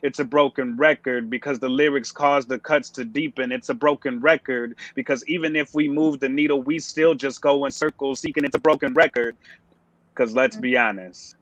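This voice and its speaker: A man performing a spoken word poem at a virtual open mic, delivering the lines in a measured, deliberate way over a video call. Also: medium pitch, steady tone, a bit bright, dry recording, poor audio.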